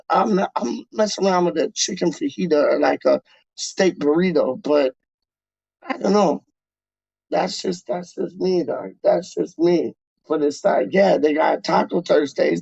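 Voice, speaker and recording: A man's voice: on the high side, gravelly, a little mellow, breathy edge, dry recording. A man hosting a casual live stream, rambling in slangy talk full of filler words as he reads out chat messages. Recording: dull lo-fi dry recording.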